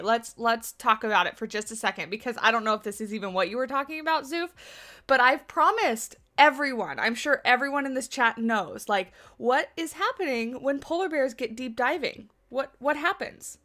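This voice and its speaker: Her high, bright, forceful voice is animated and moves at a moderate pace. While building in a game on her livestream, she chats casually with viewers, answers their questions, and laughs a lot.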